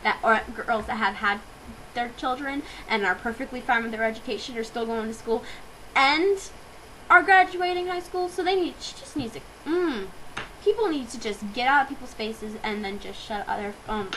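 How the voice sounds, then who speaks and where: Ranting teenage girl, high-pitched voice. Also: expressive, normal speed, a bit bright, a little hiss or hum, poor audio. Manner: fired-up ranting, lots of fillers. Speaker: vlogger. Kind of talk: ranting webcam vlog.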